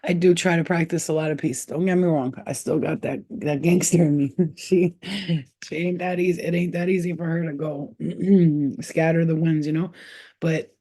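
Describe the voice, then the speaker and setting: A woman's voice: low-pitched, steady tone, moderate pace, warm tone. A woman hosting a casual spiritual livestream, talking bluntly in streetwise slang with plenty of swearing and stopping now and then to scold her cat. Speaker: spiritual healer and livestream host.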